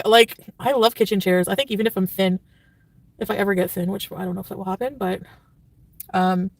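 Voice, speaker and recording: A woman's voice: medium pitch, dry recording. Woman, livestreamer, casual chat, rambling, filler-heavy, blunt, dry slightly distant mic. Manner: blunt and profane when annoyed.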